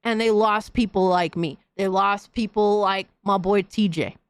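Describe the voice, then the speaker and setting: A woman's voice: medium pitch, steady tone, measured pace, smooth, no echo. Heated profane woman ranting. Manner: heated, profane, slangy rant. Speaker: podcast host. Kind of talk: casual ranting commentary.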